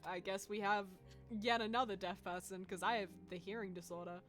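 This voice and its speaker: A woman's voice: medium pitch, fairly even intonation, brisk, a bit bright, faint music behind. A woman streamer chatting casually with friends while drawing, laughing often, teasing and swearing.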